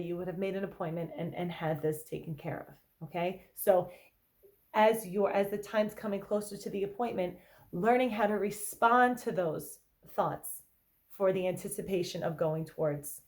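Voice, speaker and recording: Woman therapist, mid-range voice, relaxed explainer, checks in with the listener often. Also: mid-range voice. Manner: conversational, checks in with "okay?" and "right?"; acts out anxious inner thoughts in quotes. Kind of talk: casual explanatory talk to viewers.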